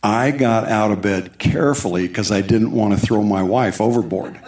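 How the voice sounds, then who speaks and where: A man's voice: fairly low pitch, moderate pace, darkish tone. A man giving a sermon testimony, telling his story with asides and quoted dialogue, recorded in a church sanctuary. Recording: echoey church hall.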